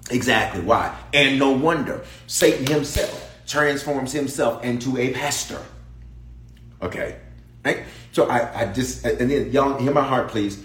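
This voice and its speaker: A man preaching a sermon to a congregation, calling out to the crowd and repeating key lines, dropping to a hush and then rising to a shout. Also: medium pitch, unhurried, reverberant, slight background noise. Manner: call-and-response preaching, repeating lines, shifting from hushed to shouted. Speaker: bishop preaching. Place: church sanctuary.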